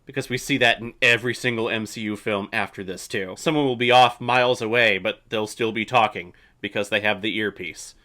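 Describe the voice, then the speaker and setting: Bright-voiced opinionated movie reaction guy. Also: on the low side, a little fast, hardly any pauses. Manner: chatty, opinionated, swears casually. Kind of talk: casual movie reaction commentary.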